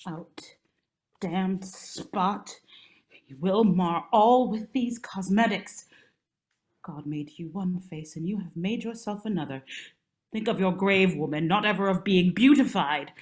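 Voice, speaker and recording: A woman's voice: medium pitch, lively intonation, measured pace, darkish tone, natural voice. A woman playing a proud, sleepwalking Tudor queen in an amateur online stage play, speaking in a commanding, scornful way. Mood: haunted. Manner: commanding, scornful, archaic theatrical speech. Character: imperious sleepwalking Queen Elizabeth I, haughty and sharp-tongued.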